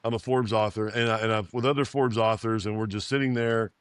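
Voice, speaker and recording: A man's voice: lowish voice, steady tone, quick pace, clean tone, no echo. A man in his fifties, an oil and gas company founder, giving an interview and telling a story, repeating phrases and acting out quoted dialogue.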